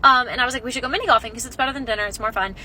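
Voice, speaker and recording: A young woman telling a story about a bad date in a casual, animated and exasperated way. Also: fairly high pitch, racing, slight background noise, rough recording.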